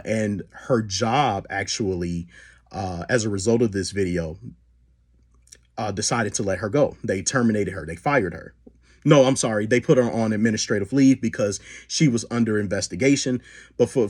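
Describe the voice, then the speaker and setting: A man hosting a solo commentary podcast, talking with many fillers and restarts. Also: fairly low pitch. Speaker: podcast host.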